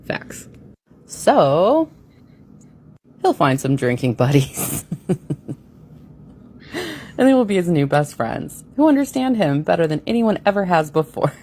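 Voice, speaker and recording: A woman's voice: fairly low pitch, very animated, unhurried, long pauses, dark tone. A woman reading a comic grown-up story aloud on a radio show, giggling and ad-libbing with curse words. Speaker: co-host.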